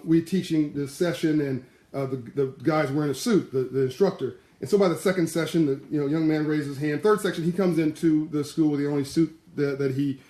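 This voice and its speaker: A man giving a live-streamed motivational talk in passionate, animated storytelling. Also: fairly high pitch, echoey room. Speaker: motivational speaker.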